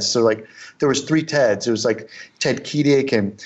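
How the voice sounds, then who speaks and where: A man's voice: mid-range voice, fairly quick. A middle-aged man tells a story in a loose, rambling way, often doubling back and quoting what others said. The recording sounds slightly muffled and lo-fi. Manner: rambling, anecdotal, frequent restarts and quoted dialogue. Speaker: guest, costume and prop maker. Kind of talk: casual interview storytelling.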